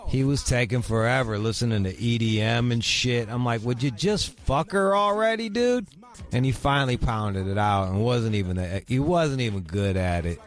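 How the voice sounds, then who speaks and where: A man's voice: fairly low pitch, moderate pace, few pauses, faint music behind. A man hosting a radio show, talking in a crude, brash, rambling way. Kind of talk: casual uncensored radio chat. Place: radio studio.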